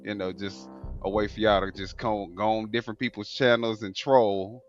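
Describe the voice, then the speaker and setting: A man's voice: fairly low pitch, normal speed, lo-fi sound, faint music behind. Blunt man hosting a livestream. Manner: relaxed, blunt, with fillers. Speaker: livestream host. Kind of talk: casual political chat.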